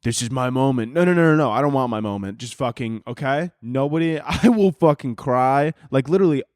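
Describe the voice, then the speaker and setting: A man's voice: medium pitch, lively intonation, brisk, darkish tone, no room sound, studio quality. Crude, rambling twenty-year-old man. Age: 20s. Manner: crude, rambling, laughs often, swears a lot. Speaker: podcast host. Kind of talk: casual comedic monologue.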